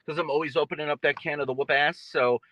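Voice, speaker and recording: A young man being interviewed as a boxer, trash-talking with boastful, mocking swings in pitch. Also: fairly even intonation, fast, sharp tone, no echo, highs cut off. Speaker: guest boxer. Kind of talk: casual trash talk interview.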